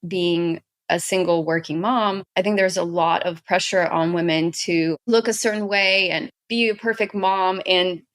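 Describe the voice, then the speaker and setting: A woman's voice: on the low side, fairly even intonation, a little slow, hardly any pauses, a bit bright, no echo. A woman from Ukraine, a guest entrepreneur on a podcast, talking earnestly and emphatically, stringing her clauses together. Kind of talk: podcast interview.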